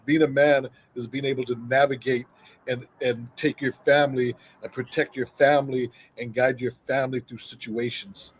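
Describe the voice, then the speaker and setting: A man's voice: mid-range voice, flat delivery, moderate pace. Earnest man on a noisy line. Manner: earnest, builds points step by step. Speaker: guest co-host. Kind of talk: casual opinion chat.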